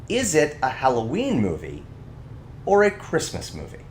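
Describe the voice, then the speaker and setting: Male co-host, animated casual chatter, very expressive delivery, slight noise floor. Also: medium pitch, moderate pace. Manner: animated, ranting. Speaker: podcast co-host. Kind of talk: casual chat.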